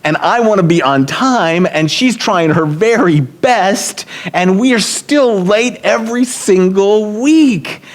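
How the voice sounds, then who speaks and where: A man's voice: sits high, lively intonation, slow pace, few pauses. A middle-aged man speaking at a church leadership event, telling personal stories and lifting his voice to act out what others said. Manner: warm storytelling, acts out quotes with raised voice. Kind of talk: storytelling talk.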